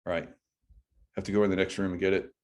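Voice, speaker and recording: A man's voice: low-pitched, flat delivery, quick pace, darkish tone. A middle-aged man chatting casually on a livestream, rambling and often breaking off mid-sentence. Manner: rambling, chatty, self-interrupting. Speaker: livestream host. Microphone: phone or computer mic.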